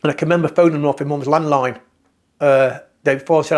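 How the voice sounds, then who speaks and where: A man's voice: fairly high pitch, steady tone, darkish tone. Candid British man recalling hard years. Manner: candid, reflective, halting with restarts. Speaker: guest telling his recovery story. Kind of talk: personal testimony.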